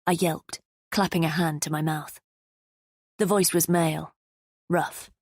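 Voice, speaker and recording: A woman narrating a thriller audiobook in the first person, measured and tense. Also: deep voice, steady tone, no echo, clean studio sound.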